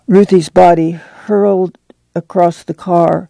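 A male audiobook narrator with a gravelly, mellow voice, pitched a little high. He reads in a measured, unhurried way. The recording is close and dry. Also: steady tone, no echo. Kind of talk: scripted narration.

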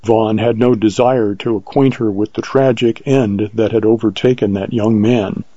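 A man narrating an audiobook with steady scripted storytelling. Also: lowish voice, normal speed, hardly any pauses, no echo, muffled recording.

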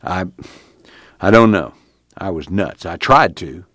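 A man's voice: low-pitched, expressive, slow, a bit bright, dry recording, studio quality, heavily acted. A man voicing a battered, weary young farmhand in hiding, with a drawl and a tense, urgent delivery. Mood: tense, confessing.

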